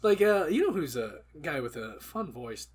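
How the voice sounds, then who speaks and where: A man co-hosting a podcast, chatting casually and hesitantly, with halting starts and lots of "like". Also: a little high, sing-song, husky. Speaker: podcast co-host.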